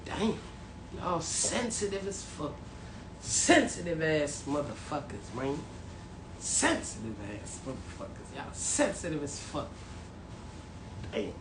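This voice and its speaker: A woman with a Jamaican accent ranting casually and profanely to her viewers, half joking, turning from mumbled apologies to loud outbursts. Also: sits low, sing-song, takes it slowly, pauses often. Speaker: vlogger. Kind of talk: casual comedic rant to viewers. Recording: roomy echo, faint background noise.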